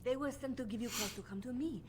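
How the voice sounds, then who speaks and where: A woman's voice: a little high, quick pace, noisy background, close to an everyday voice. An actress playing a scheming female spymaster in a video game, with a put-on French accent and a purring, condescending manner. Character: scheming female bard spymaster, silky and menacing.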